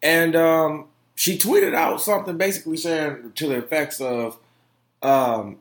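A man's voice: fairly high pitch, a little slow. A young man hosting his own opinion podcast, talking emphatically with lots of profanity, repeated phrases and fillers. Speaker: podcast host. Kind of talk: solo opinion podcast rant.

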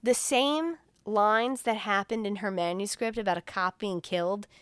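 A woman's voice: medium pitch, moderate pace, clean tone, dry recording. A woman co-hosting a podcast, retelling a movie plot in casual chat, acting out the characters' lines with plenty of swearing. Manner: animated recap with quoted dialogue, frequent swearing and laughs.

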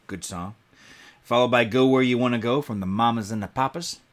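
A relaxed man hosting a music radio show, talking in an easygoing, chatty way. His voice sits at an ordinary middle pitch, and he drifts loosely from one thought to the next. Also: fairly quick. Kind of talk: casual radio DJ chat.

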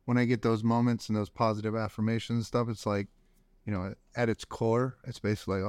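A man's voice: fairly low pitch, flat delivery, brisk, darkish tone, clear, resonant tone, no echo. A man hosting a podcast in a laid-back, affirming way, with casual swearing. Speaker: podcast host.

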